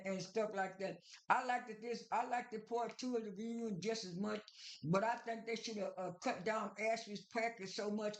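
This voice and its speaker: Vlogger, casual recap monologue, halting, repeated fillers, stumbling restarts, mid pitch. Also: echoey room.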